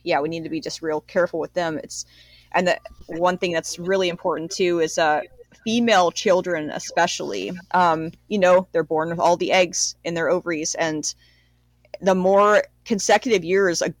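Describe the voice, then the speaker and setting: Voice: medium pitch, steady tone, moderate pace, no room sound, poor audio. A forty-year-old guest in a casual podcast conversation, talking earnestly with many fillers and acting out past reactions. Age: 40s.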